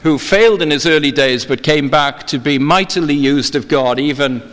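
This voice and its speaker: Preacher in an echoing church. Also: male voice, a little high, a bit bright. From England. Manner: measured, formal preaching with slowed emphasis. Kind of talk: sermon. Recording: long hall reverb.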